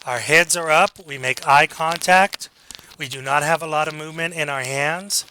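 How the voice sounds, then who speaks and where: A man's voice: a little high, fairly even intonation, moderate pace, pushed and bright, a little hiss or hum. A man teaching a speech class in a direct, coaching manner, with rhetorical questions. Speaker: college speech instructor. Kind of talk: recorded class lecture.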